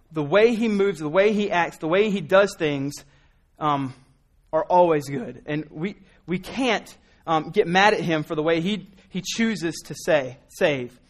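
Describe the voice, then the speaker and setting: High-voiced man teaching an informal sermon. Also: fairly bright tone. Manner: earnest, rambling with many restarts and fillers. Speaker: Bible teacher.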